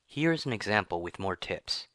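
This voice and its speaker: A man narrating a scripted English lesson, reading in a slow, even and careful way. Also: on the low side, no echo. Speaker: English teacher.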